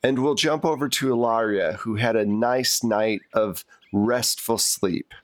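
A man runs a tabletop role-playing game and narrates each scene at a measured storytelling pace. His voice sits at a middle pitch and sounds close and dry, with no room echo. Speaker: game master.

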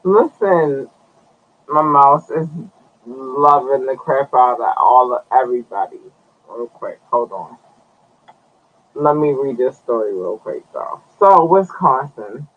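Man, podcast host, slow drawn-out talk, casual cursing, dull lo-fi audio. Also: mid-range voice, expressive. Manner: loose, chatty, talks to viewers, curses, stretches words. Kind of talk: casual live-stream news commentary.

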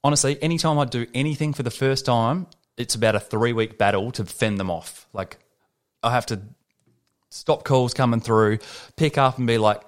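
Profane, animated man telling stories. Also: medium pitch, normal speed. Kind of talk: casual chat.

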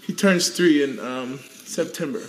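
A man's voice: fairly high pitch, measured pace, echoey room, over music. A man, a guest athlete, chatting casually on a live stream from home, playfully coaxing his dogs. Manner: playful, calls and coaxes his dogs in rising tones.

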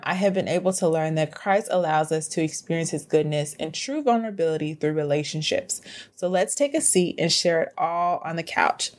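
A woman host reading a friendly sponsor spot for her own newsletter. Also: on the low side. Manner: upbeat, friendly, addresses listener as girl. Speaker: podcast host. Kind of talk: sponsor read.

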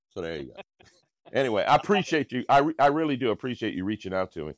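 A man's voice: mid-range voice, very animated, quick pace, no room sound, highs cut off. An older man, hosting a podcast in a rambling, laid-back drawl. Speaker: podcast host. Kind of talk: casual chat and read ads.

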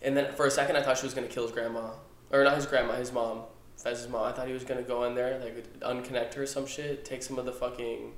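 A young man co-hosting a podcast, chatting casually and excitedly, swearing and saying "bro" constantly. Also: medium pitch, fast talker. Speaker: podcast co-host. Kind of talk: casual chat. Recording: echoey room.

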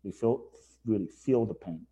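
An Englishman guesting on a podcast tells his life story in a fairly low, mellow voice at normal speed. He's earnest and emphatic in this reflective interview, often repeating phrases for effect.

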